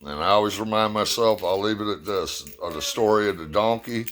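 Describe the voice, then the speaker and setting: A man's voice: fairly low pitch, fairly quick, a bit bright. A man from the United States giving a blunt, profane opinion rant and telling a fable.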